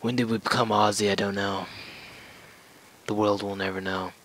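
A man's voice: on the low side, level tone, normal speed, a bit bright, low-quality recording. A man giving casual gameplay commentary as a let's play gamer, joking, rambling and talking to the game as he plays.

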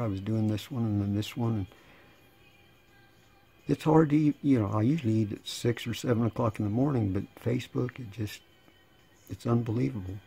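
Sarcastic guy in his 60s rambling on, husky dark voice, bit hoarse, faint music behind. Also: on the low side. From United States. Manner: sarcastic, rambling, laughing between lines. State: slightly hoarse. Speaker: channel host. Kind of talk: casual monologue.

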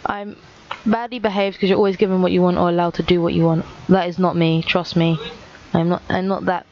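A woman's voice: on the low side, level tone, brisk, highs cut off, slight background noise. A teenage girl reading out viewer comments in a casual, sarcastic, teasing way. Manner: sarcastic, teasing, self-mocking. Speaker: YouTuber.

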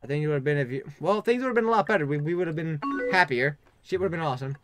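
A man's voice: a little high, lively intonation, quick pace, fairly bright tone, soft background music. Joking young man playing a game aloud. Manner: joking, crude asides, sarcastic. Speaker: gaming channel host. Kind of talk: let's play commentary, reading game chat aloud. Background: keyboard typing and clicks.

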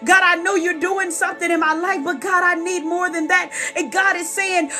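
High-voiced woman preaching with fervor. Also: fairly even intonation, moderate pace, few pauses, pushed and bright, faint music behind. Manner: passionate, calls the audience sis and y'all. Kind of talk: sermon on a live stream.

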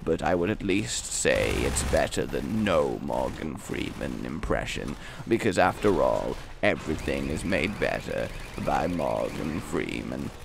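A man voicing a solemn older male nature-documentary narrator in a slow, hushed, grave manner. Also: rumbling low, very animated, gravelly, background noise, pitched below the performer's own voice, exaggerated voice.

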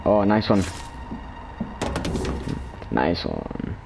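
A man's voice: low voice, wildly swooping pitch, very slow, gravelly, over music. A man commenting on his gameplay in a casual, rambling, joking way at a desk microphone. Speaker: gamer. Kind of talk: casual let's play commentary.

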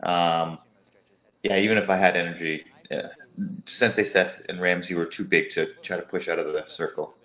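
A man chatting casually on a livestream about a game he played, relaxed and a bit hesitant. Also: deep voice, moderate pace. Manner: relaxed, hesitant, many fillers. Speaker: show participant.

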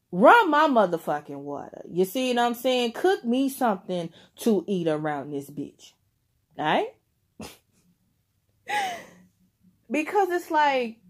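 Young adult woman reading tarot for her viewers in an unhurried, drawn-out way, laughing between points and swearing freely. She talks to the listener directly, like a friend spelling things out. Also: mid-range voice, darkish tone. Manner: profane, laughing often, speaking straight to the listener. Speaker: tarot reader.

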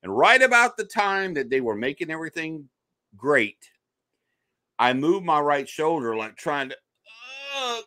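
A man's voice: fairly high pitch, normal speed, dry recording. A man, a guest in a conversation, telling a personal story and acting out the voices he quotes. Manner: animated storyteller who acts out quoted voices. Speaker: podcast guest, paranormal investigator.

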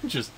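Lively joking man playing a game. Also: extremely high pitch. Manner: laughs often, lively and joking. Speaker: gaming co-host. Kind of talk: casual let's-play banter.

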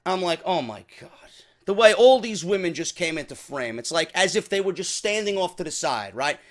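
A man's voice: high voice, expressive, fairly quick, fairly bright tone. A man giving a casual, profane wrestling show review, exasperated and mocking.

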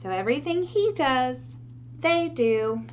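A woman reading a picture book aloud to children, animated and asking her listeners questions. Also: high-pitched, measured pace, muffled recording, slight background noise. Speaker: storyteller for children.

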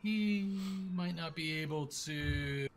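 Joking young player, slightly high voice. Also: male voice, takes it slowly. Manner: crude, joking, drawling. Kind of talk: casual in-character play. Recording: faint background noise.

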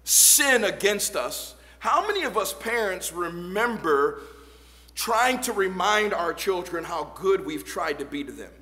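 A man preaching an evening church sermon as pastor, reading old scripture aloud and building to shouted points. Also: sits high, big-room sound. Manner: reads old-fashioned scripture verses aloud. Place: church sanctuary.

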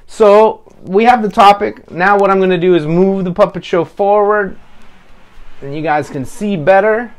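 A man with a slightly high voice hosts a homemade children's puppet show. He talks to young viewers in a friendly, step-by-step way. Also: normal speed. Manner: friendly, explains step by step to kids. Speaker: puppeteer host.

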